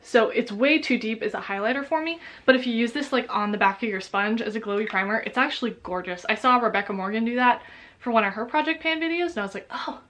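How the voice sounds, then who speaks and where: A woman's voice: a little high, quick pace. Chatty, dramatic young woman vlogger. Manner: dramatic, swears, swings loud when excited. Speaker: beauty vlogger. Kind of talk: casual makeup chat.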